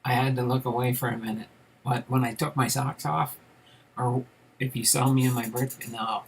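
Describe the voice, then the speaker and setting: A man hosting a live card-collecting stream, joking with his chat and reading out baseball history in a steady tone. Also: medium pitch, normal speed, creaky, husky, poor audio. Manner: jokey banter with chat, reads history in a steady tone.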